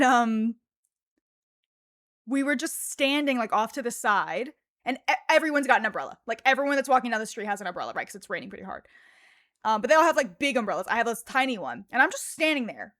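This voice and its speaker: A woman streamer chatting casually and telling an animated story, laughing often and peppering her talk with fillers. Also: on the high side, dry recording, studio quality. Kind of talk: casual livestream chat.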